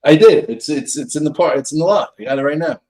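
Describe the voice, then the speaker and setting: A man's voice: fairly high pitch, animated, fast, darkish tone. A middle-aged man, a pro trader, casually telling a story on a live stream, acting out quoted dialogue with big jumps in his voice.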